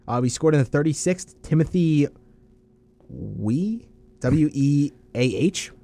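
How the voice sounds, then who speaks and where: A man's voice: fairly high pitch, no room sound. A young man co-hosting a sports podcast, chatting casually through his game picks and laughing often. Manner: animated, laughs often, quick back-and-forth banter.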